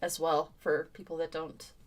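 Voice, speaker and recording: A woman's voice: deep voice, level tone, moderate pace. A woman co-hosting a live stream, chatting in a dry, matter-of-fact way. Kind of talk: casual chat.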